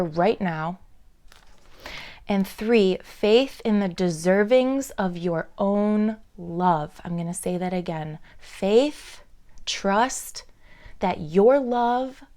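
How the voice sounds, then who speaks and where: Slow, dreamy young woman musing. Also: mid-range voice. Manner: dreamy, earnest, many "like"s and pauses. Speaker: spiritual vlogger. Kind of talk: casual reflective monologue.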